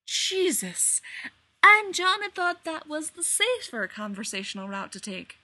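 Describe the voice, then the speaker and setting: A woman reading fiction aloud in an expressive, animated storytelling manner. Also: medium pitch, measured pace. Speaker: reader.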